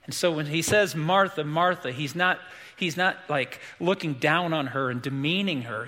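A man delivers an earnest, emphatic sermon, circling back to repeat his main points. His voice sits slightly high and sounds very bright. It rings in a church sanctuary with long reverb. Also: normal speed, hardly any pauses. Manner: earnest, emphatic preaching with repetition. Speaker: pastor.

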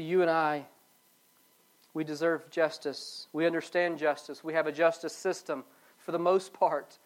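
Pastor preaching with big loud-soft swings. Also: medium pitch. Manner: repeats phrases for emphasis. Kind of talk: sermon.

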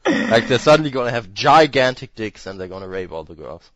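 A man co-hosting a casual podcast, making crude, deadpan jokes. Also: mid-range voice, brisk. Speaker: podcast co-host. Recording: dull lo-fi dry recording.

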